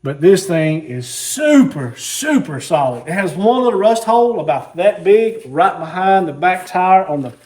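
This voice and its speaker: A man's voice: sits high, big pitch swings, unhurried, few pauses, a little mellow. A man, casually telling a rambling story while showing his car collection. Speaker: car hobbyist host.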